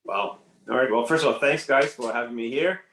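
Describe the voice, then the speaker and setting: A man's voice: mid-range voice, a little fast, fairly bright tone, reverberant, rough recording. A man whose first language is French, who grew up in Nigeria and Canada, telling his life story as a podcast guest and acting out the voices of people he quotes. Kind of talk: casual storytelling interview.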